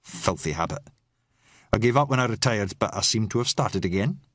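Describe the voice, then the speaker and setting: Gruff older ex-cop, curt and disapproving, voice dropped low, as a male narrator does him, dry studio sound. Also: lively intonation, normal speed, no echo. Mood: stern. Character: gruff retired male police inspector, older, stern.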